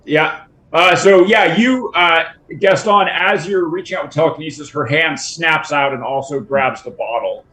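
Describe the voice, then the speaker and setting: A man narrating a tabletop game as game master, halting with frequent restarts and chuckles. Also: fairly high pitch, pushed and bright.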